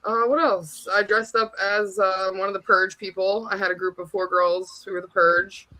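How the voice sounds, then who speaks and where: A woman chatting casually as a guest, animated and slangy, laughing often. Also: mid-range voice, moderate pace, dry recording, poor audio. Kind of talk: casual chat.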